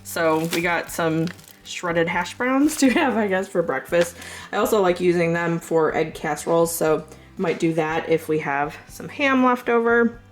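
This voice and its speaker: A woman's voice: on the low side, a little slow, soft background music. A woman in her thirties with a Southern US accent, chatting casually and rambling through a grocery haul with lots of fillers. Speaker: vlogger showing a grocery haul. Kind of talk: casual chat.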